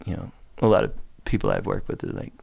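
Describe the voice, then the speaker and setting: A man in his forties with a gravelly, creaky voice, telling a long profane rant in casual chat. His pitch leaps around in an animated, lively way. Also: fast. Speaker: guest, skateboarder and board designer.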